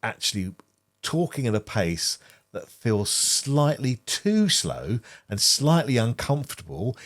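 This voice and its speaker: Speaking slowly with a medium-pitched voice and big pitch swings, this middle-aged podcast co-host keeps things casual and earnest. He frequently repeats words as he works through his thoughts.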